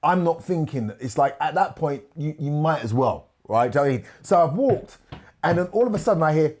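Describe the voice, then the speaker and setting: A man's voice: fairly high pitch, lively intonation, fairly quick, darkish tone, faint music behind. A middle-aged man, a podcast guest telling a story in a casual interview and often checking in with "do you know what I mean".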